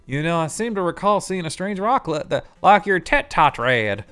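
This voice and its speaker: Folksy cowboy drawl, man putting on a Western townsman, a touch higher, lively swings. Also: moderate pace, clean tone, faint music behind. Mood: recalling.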